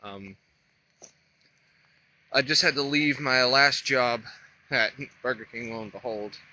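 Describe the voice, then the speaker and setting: Young man, slight lisp, bright edgy voice, halting ramble, outdoors walk, dull lo-fi camera audio, crickets behind. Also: medium pitch, slight background noise. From North Carolina. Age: 20s. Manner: halting, hesitant, thinking aloud with many pauses. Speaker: vlogger. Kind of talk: rambling walk-and-talk vlog.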